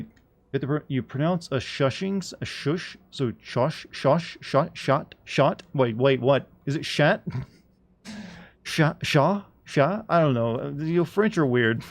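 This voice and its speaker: Rambling, chuckling male game streamer. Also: mid-range voice. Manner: rambling, chuckling, fumbling over pronunciations. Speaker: streamer playing a video game. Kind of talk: casual live-stream commentary.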